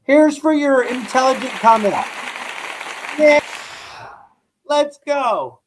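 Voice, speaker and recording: A man's voice: extremely high pitch, slow, pauses often, noisy background. A man hosting a live stream, talking casually and bluntly to his chat in rambling, profane rants. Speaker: livestream host reacting to news.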